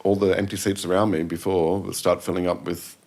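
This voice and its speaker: Chatting casually as a podcast guest, this middle-aged man spins rambling stories, fixing his own wording and imitating other people's voices. He speaks a little fast in a low, dark-toned voice whose pitch barely shifts.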